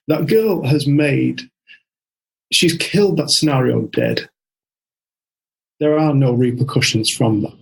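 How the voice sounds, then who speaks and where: A man's voice: mid-range voice, moderate pace, vocal fry, rough recording. A man who works as a coach, a guest on a podcast, telling a long story with lots of restarts and "she said". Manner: animated storyteller, quotes others with repeated "she said", frequent restarts.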